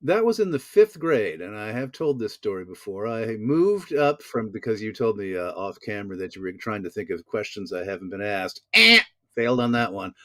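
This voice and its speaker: Actor guest, male, from the American South: low voice that swings widely in pitch, theatrical and self-mocking, dry close sound. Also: sing-song, moderate pace, a bit bright, no room sound. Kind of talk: casual interview storytelling.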